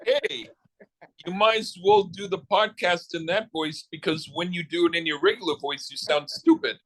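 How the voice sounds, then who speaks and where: A man's voice: sits high, moderate pace, a bit bright, rough recording. A man co-hosting a podcast in casual chat, teasing and stumbling over restarts. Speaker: podcast co-host.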